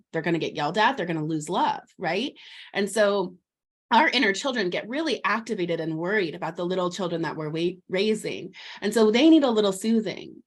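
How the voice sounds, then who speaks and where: A woman guest in a parenting interview, explaining child development in lively, talkative bursts, often slipping into a gentle voice to model what a parent says to a child. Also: medium pitch. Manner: animated, warm explaining, acts out soothing words to a child; frequent restarts and fillers, laughs lightly.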